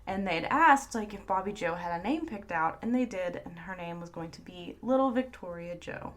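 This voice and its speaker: A woman's voice: lowish voice, lively intonation, normal speed. A woman co-hosting a podcast, telling a story in a casual, chatty way and laughing often. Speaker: podcast co-host. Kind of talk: casual chat.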